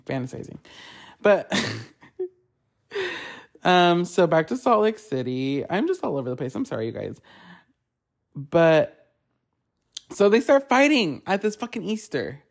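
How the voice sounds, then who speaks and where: A man hosting a podcast, chatting casually and gossiping in a rambling, animated way, swearing often and filling his talk with "like.". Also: high-pitched. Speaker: podcast host.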